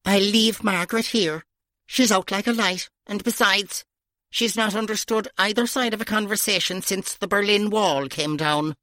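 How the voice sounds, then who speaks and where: A bossy but kindly older nun, snapping out motherly orders. Her voice sits a little high, and the recording is close and dry with no room sound. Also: fairly bright tone, dry recording. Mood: brisk. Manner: brisk, motherly commands.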